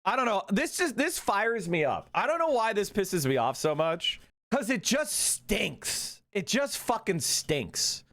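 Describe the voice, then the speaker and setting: A man's voice: sits high, sing-song, measured pace, a bit bright. A man streaming, ranting profanely about politics in an exasperated, emphatic way. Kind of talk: ranting live commentary.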